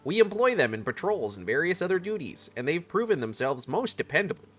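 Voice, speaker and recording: A courtly, ceremonious game official, as a man puts him on. The formal, old-fashioned phrasing rises and falls in wide, lively swings. The tone is bright and forward, with faint music behind. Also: on the high side, fairly quick, pitched above the performer's own voice. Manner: stately, archaic phrasing. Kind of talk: reading game dialogue aloud.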